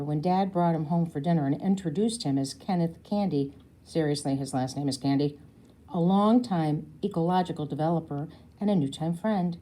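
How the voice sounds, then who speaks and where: Woman storybook reader for children, warm and low, pauses to explain vocabulary. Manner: stops to explain words to young listeners. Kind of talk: reading a children's novel aloud.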